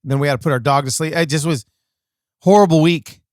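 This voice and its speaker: Animated, self-mocking man hosting a podcast. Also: fairly high pitch, fast talker, no echo, clean studio sound. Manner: animated and self-mocking, with comic exaggeration and frequent restarts. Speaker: podcast host. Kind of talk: casual storytelling monologue.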